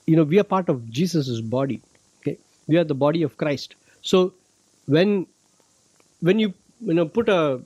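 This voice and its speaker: A man's voice: a little high, darkish tone, breathy edge, no room sound, poor audio. A man from India teaching a Bible lesson to children, patiently explaining and checking in with "okay?". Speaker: youth ministry director teaching a Bible club.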